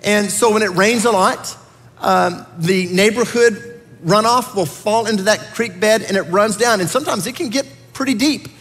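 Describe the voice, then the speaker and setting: A man with a high voice preaching a sermon in a church sanctuary. He talks earnestly and builds up to emphatic peaks. His words ring out with the long reverb of a big hall. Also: normal speed, fairly bright tone. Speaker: pastor.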